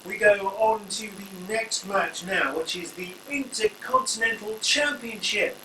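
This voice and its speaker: A man's voice: sits high, a little slow, sharp tone. Chatty man in an echoey room. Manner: rambling, chatty, jokey asides. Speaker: wrestling reviewer, channel host. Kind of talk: casual spoken review. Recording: echoey room, distant mic, faint hum.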